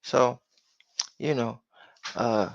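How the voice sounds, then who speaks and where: A man's voice: medium pitch, drawn-out words, gravelly, no echo, muffled recording. A man hosting a casual sports talk show, laid-back and drawling with lots of fillers. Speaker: host.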